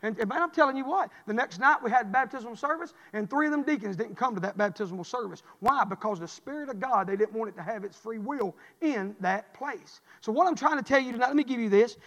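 Male preacher, high tenor, rises to shouts, calls for amens, long church reverb. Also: fast, few pauses. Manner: builds from quiet to shouting, call-and-response. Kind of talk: revival sermon.

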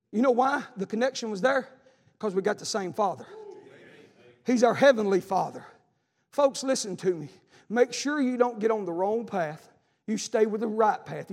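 A man's voice: sits high, expressive, normal speed, vocal fry. A man preaching a revival sermon, fervent and repetitive, with folksy asides. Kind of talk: revival sermon with personal testimony. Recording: long reverb of a large hall.

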